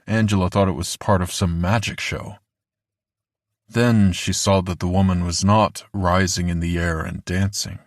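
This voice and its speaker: A man reading a horror audiobook in a measured, deliberate way, slowing down for the grim moments. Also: deep voice, no echo, clean studio sound. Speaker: audiobook narrator. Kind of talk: scripted horror narration.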